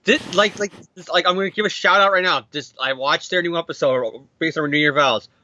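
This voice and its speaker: A man with a high, bright voice that jumps all over as he rants and swears about comics. He talks fast in asides, close on a dull, dry, lo-fi mic. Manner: profane, ranting, fast asides. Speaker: podcast co-host. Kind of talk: casual comic book chat.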